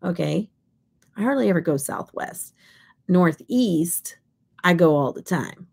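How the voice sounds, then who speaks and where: A woman's voice: on the low side, lively intonation, measured pace, vocal fry, darkish tone, husky. A middle-aged woman from Kansas, hosting a casual makeup livestream, chatty and rambling, often dropping into whispers. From Kansas, USA. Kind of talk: casual live chat while swatching.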